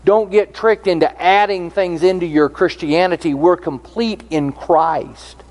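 Man, preacher, sermon, fairly high voice, earnest, explains verse by verse. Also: fairly even intonation, measured pace, darkish tone. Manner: earnest, explanatory, reads scripture aloud.

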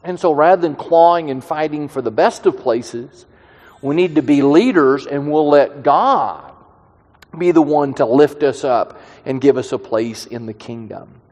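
A man leading a Bible study in a conversational teaching style, thinking aloud with restarts and slowing down to stress key words. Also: on the high side, darkish tone, big-room sound.

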